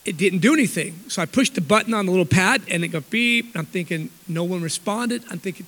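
A man's voice: high voice, expressive, brisk, hardly any pauses, fairly bright tone. A man telling a rambling, self-mocking story to a church audience, often correcting himself mid-sentence. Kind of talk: storytelling talk. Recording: long hall reverb.

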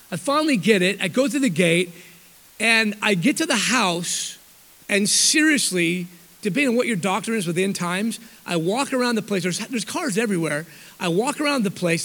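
A man's voice: high voice, a bit bright. A man telling a rambling, self-mocking story to a church audience, often correcting himself mid-sentence. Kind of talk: storytelling talk. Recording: long hall reverb.

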